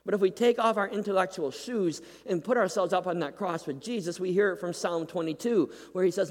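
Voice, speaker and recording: A man preaching a sermon, swinging from loud, pleading peaks to hushed, near-whispered drops, often checking in with "right?". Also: high voice, brisk, hardly any pauses. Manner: emphatic, dramatic rises and hushed drops, repeats "right?". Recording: long hall reverb.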